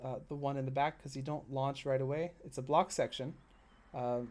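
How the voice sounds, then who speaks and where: Chatty young-sounding male game streamer. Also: normal speed. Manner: chatty and rambling, drifting into side stories; excitable, with sudden high-pitched bursts. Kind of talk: casual live-stream commentary while building.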